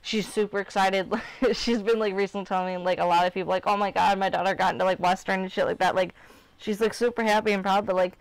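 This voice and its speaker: A woman's voice: medium pitch, steady tone, fast talker, smooth, no echo. A woman in her twenties from Illinois, hosting a live stream in casual chat. She rambles candidly and fills her talk with "like" and "you know what I mean". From Illinois, United States. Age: 20s. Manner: rambling, filler-heavy, candid.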